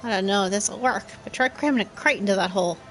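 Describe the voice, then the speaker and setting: A woman voicing a gruff, bossy male skeleton pirate captain who talks in salty pirate slang. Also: medium pitch, quick pace, a bit bright, lightly acted, low-quality recording.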